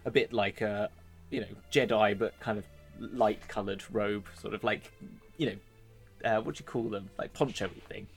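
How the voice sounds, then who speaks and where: A man's voice: lowish voice, fairly even intonation, moderate pace, soft background music. Rambling male dungeon master. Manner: rambling, many fillers and hedges. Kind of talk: narrating a tabletop game.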